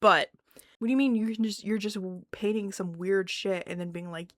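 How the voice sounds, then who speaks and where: A young woman talks straight into the mic in an excitable, profane vlog rant. She laughs often and breaks into whispered asides. The sound is dry and close, with no room around it. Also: medium pitch, moderate pace, no room sound. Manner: animated, swearing, laughing, swings between loud and whispered asides. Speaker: vlogger. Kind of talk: casual ranting monologue.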